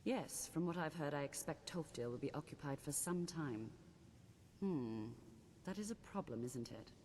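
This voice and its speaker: A haughty mature mage teacher. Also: female voice, expressive, normal speed, a little mellow. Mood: formal. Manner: cool, formal, faintly condescending. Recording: game audio with long reverb, faint rumble.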